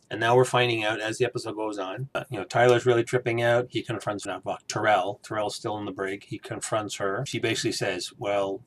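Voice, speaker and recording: Chatty man with a lowish voice. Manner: chatty, acts out quoted lines in little voices; many fillers like "you know" and "uh". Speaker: TV episode reviewer. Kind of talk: casual review and recap.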